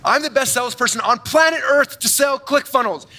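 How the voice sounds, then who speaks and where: A man giving an energetic, boastful keynote talk on stage to a large audience, telling stories with quick asides. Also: extremely high pitch. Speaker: conference speaker. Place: large event hall on stage.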